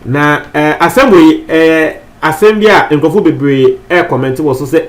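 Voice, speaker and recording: A man's voice: fairly high pitch, unhurried, hardly any pauses. A Ghanaian man presenting entertainment news in a chatty, casual way, switching between languages and repeating phrases for emphasis.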